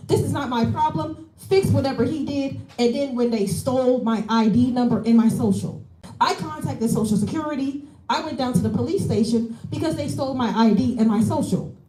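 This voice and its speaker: A woman stands at a council podium pouring out complaints, angry and aggrieved. Her voice sits a little high but sounds soft and mellow. The council chamber around her is echoey. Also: fairly quick. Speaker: public commenter. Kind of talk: public comment at a council meeting.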